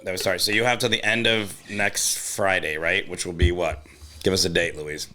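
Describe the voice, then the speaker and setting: A man co-hosting a casual comedy podcast, excitable and jumpy, often breaking into loud high yelps and laughter. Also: moderate pace, a little hiss or hum. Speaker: podcast co-host.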